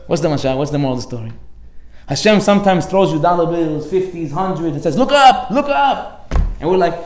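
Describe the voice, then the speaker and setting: A man giving a lively sermon as a rabbi, telling stories and acting out the characters, laughing often. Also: on the high side, quick pace, roomy sound. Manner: animated, acts out characters in the story, laughs often.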